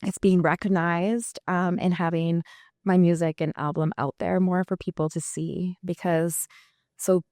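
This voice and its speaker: Woman guest, low gravelly voice, reflective and candid, dry close sound. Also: fairly even intonation, measured pace, darkish tone, no echo. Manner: candid, reflective, many fillers. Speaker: musician guest. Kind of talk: casual interview talk.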